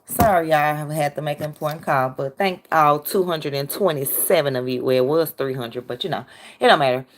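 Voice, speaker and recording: A woman's voice: sits low, fairly quick, a little hiss or hum. A woman hosting a casual livestream, talking bluntly and answering her chat directly. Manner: blunt, talks back to chat. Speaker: livestream host.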